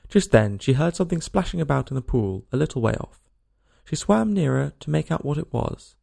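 Gravelly man reading a storybook. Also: on the high side, fairly quick. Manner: expressive, lilting storytelling. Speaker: narrator.

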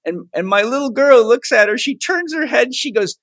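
A man's voice: very high-pitched, normal speed, no echo. Man telling a story in a dry room. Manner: animated anecdote-telling, fond. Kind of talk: casual chat, storytelling.

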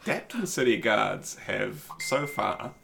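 Gravelly low man, wry and halting player. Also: very animated, fairly bright tone, slight background noise. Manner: dry, joking, many fillers. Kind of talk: tabletop role-play.

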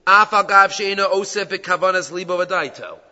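A man's voice: high-pitched, normal speed, sharp tone. A man teaching a Torah class as a rabbi, speaking emphatically and reading out quoted Hebrew texts. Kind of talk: Torah lecture. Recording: dull lo-fi recording in an echoey hall.

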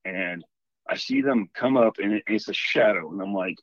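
A man calling in to tell a story in a casual, animated, rambling way. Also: fairly low pitch, normal speed, no room sound, muffled recording. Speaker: caller telling a ghost story.

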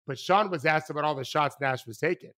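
A former basketball coach in casual podcast conversation, animated and rambling, restarting sentences and swearing casually. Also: male voice, a little high, quick pace.

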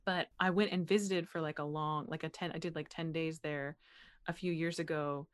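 A young American woman from Pennsylvania, a voice actor chatting as an interview guest, animated and quick to laugh. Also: deep voice. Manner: animated, laughs often, frequent "like" fillers. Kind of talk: casual interview chat.

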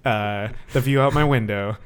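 A man's voice: fairly low pitch, normal speed, clear, resonant tone. A man talking as a podcast guest, casual and hesitant, with lots of fillers. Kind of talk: casual interview chat.

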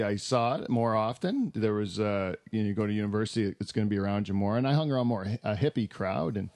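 A man's voice: lowish voice, fast talker, few pauses, a little mellow, no room sound, studio quality. A man hosting a casual podcast chat, rambling with lots of fillers, restarts and laughter. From Canada. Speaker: podcast host.

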